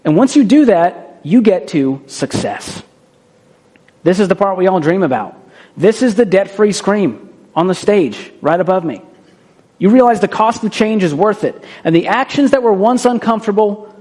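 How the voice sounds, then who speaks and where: A man with a high, light voice delivers a motivational talk. He speaks in short, punchy lines and keeps it conversational, checking in with the listener by asking "right?". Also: animated, moderate pace, a little mellow. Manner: acts out quoted voices for effect.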